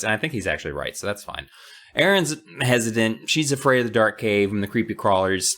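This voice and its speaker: A man's voice: on the low side, very animated, brisk, a bit bright. A man co-hosting a casual podcast, retelling a story's plot with wry asides and some cursing. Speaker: podcast co-host. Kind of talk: casual book recap chat. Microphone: studio mic, livestream.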